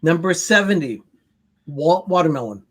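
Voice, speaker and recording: A man's voice: a little high, expressive, moderate pace, a bit bright, husky. A man co-hosting a casual livestream chat, reading out the list and viewer comments with an upbeat manner.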